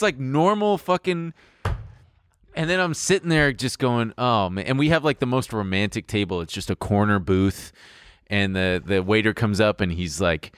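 A man's voice: on the low side, normal speed, fairly bright tone, smooth, no room sound, clean studio sound. A man co-hosting a podcast who makes wry quips in casual chat and tells stories about his dates, mimicking the people in them. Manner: wry quips, acts out a date's voice. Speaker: podcast co-host.

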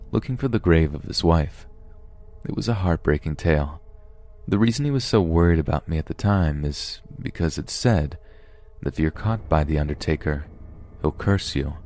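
A man calmly narrating true scary stories as a podcast host. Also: extremely low pitch. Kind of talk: scripted horror story narration.

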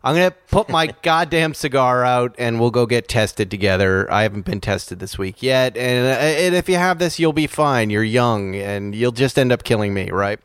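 A man co-hosting a casual podcast, spinning an animated, self-mocking story at a middle pitch. His voice is dry and close to the mic, with no room sound at all. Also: normal speed, few pauses, clear, resonant tone, dry recording. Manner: animated, self-mocking, laughs while telling. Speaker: podcast co-host.

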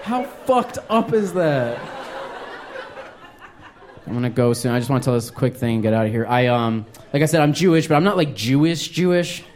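A man's voice: mid-range voice, big pitch swings, normal speed, darkish tone, slight background noise. A man doing a stand-up comedy set on a club stage, telling a rambling, self-mocking story with lots of filler words, audience laughter behind him.

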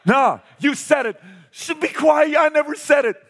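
A man voicing his crying young son, whining and shouting denials. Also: very high voice, moderate pace, pitched above the performer's own voice. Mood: whiny, upset. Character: crying young boy in a tantrum.

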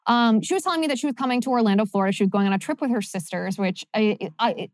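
A woman's voice: fairly high pitch, fast talker, no echo, studio quality. A young woman hosting a podcast, delivering an opinionated monologue in a sarcastic, emphatic way. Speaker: podcast host.

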